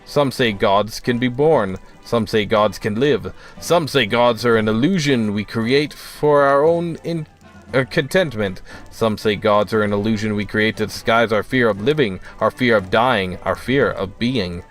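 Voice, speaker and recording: A man voicing a philosophical male monk in a game, musing on gods in a slow, measured manner. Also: fairly low pitch, faint music behind, natural voice.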